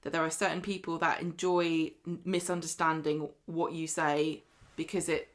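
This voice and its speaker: A woman, co-hosting a podcast in casual chat, animated and argumentative, often laughing. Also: low-pitched, normal speed. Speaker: podcast co-host.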